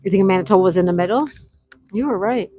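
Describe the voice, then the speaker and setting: A woman runs a casual online quiz, calling out players' names and scores in a friendly, easygoing way. She reads each question twice at a measured pace. The sound is dry and close, with no room around her. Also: medium pitch, warm tone, dry recording, low-quality recording. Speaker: trivia game host. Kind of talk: casual live-stream quiz hosting.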